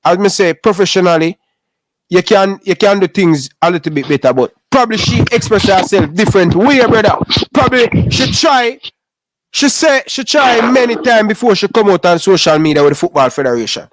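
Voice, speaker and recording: A Jamaican man talking sports on a podcast in a high, lively voice. He pushes his points hard and keeps saying "brother." The sound is dry and close, with no room around it. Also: brisk, no room sound. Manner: animated, repeats "brother" often. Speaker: podcast co-host. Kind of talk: heated casual sports chat.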